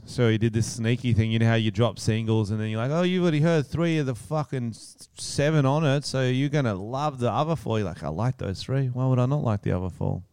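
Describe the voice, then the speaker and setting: A man with an Australian accent, co-hosting a podcast with crude, sarcastic, deadpan banter. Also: mid-range voice, fairly quick, few pauses, clean tone, dry recording. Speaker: podcast co-host. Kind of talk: casual chat.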